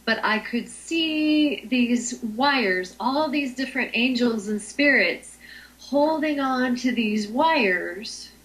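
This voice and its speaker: A woman guest on a talk show, speaking in a relaxed, unhurried way with frequent pauses and ums. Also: on the high side, low-quality recording. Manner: slow, unhurried, many ums. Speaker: guest, Reiki teacher. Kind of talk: casual interview chat.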